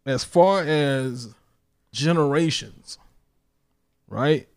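Blunt swearing podcast co-host. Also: male voice, fairly high pitch, extremely slow, a little mellow, clean tone, no echo, clean studio sound. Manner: blunt, profane, reads facts aloud. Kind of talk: casual chat.

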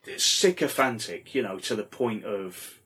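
Guy rambling thru a story, husky voice, swears a lot. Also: on the low side, expressive, measured pace, sharp tone. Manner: swears casually, rambling with fillers. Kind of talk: casual anecdote.

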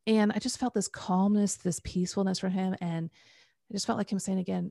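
A middle-aged woman coaching on the Enneagram, telling animated personal stories and acting out what people said. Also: fairly low pitch, fairly quick, vocal fry, no echo, clean studio sound. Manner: animated storytelling, acts out quoted voices. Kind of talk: conversational podcast talk.

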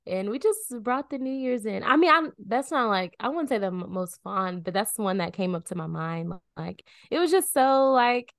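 A young woman co-hosting a podcast, talking in an upbeat, animated way and saying "like" a lot. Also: mid-range voice, moderate pace, hardly any pauses, dry recording, studio quality. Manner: bubbly and animated, says "like" often. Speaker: podcast co-host. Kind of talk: casual chat.

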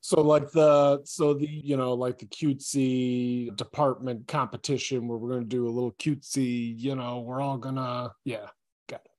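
A man co-hosting a podcast in casual chat, agreeable and summing up points in a deliberate way. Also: mid-range voice, little pitch movement, a little mellow. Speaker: podcast co-host.

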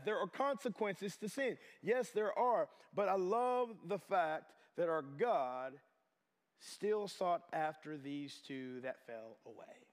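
A middle-aged pastor delivers a sermon, his voice sitting high and bright for a man. He swings between fervent loud passages and hushed, intimate asides. The sound carries a long reverb, like a large chapel hall.

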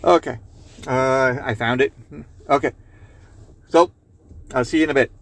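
This man hosts a podcast, speaking a little slowly in a mid-range, fairly bright voice. His casual talk wanders loosely as he reads a joke out loud, cursing and cracking himself up along the way.

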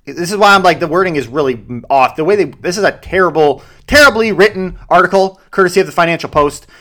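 A young man, a realtor giving daily market commentary in an animated way with joking asides. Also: high-pitched, fast talker. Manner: animated, joking asides, playful self-mockery.

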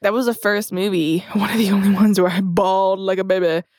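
Young woman, podcast co-host, relaxed and chatty, leads the talk, dry close sound. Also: medium pitch, brisk, dry recording. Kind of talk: casual chat.

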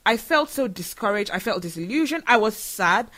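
A man's voice: high-pitched, animated, normal speed, sharp tone. A man from Nigeria, hosting a solo podcast and talking in an earnest, emotional way. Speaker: show host.

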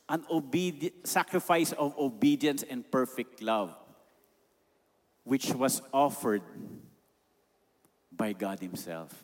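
A man with a Filipino accent preaching a sermon emphatically, slipping Tagalog phrases into his English. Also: on the high side. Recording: long reverb of a large hall.

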